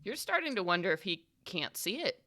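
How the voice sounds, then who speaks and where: A woman narrating a tabletop horror game as game master, in a relaxed, chatty way with many fillers. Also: fairly low pitch, a little fast.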